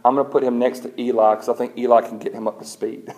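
Mellow-voiced pastor preaching. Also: male voice, mid-range voice, brisk. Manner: conversational storytelling, animated when retelling. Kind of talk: sermon.

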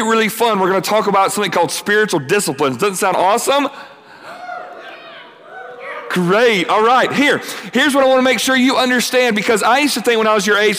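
Camp speaker, man, high voice, big reverberant hall, lively call-and-response preaching. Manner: energetic, quick, acts out quotes, asks the crowd to answer back. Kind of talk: youth camp sermon.

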